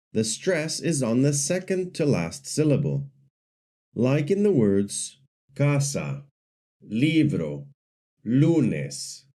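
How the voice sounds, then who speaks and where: A man narrating a scripted language lesson, explaining slowly and carefully, spelling out examples one by one. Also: medium pitch, mellow. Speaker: language teacher.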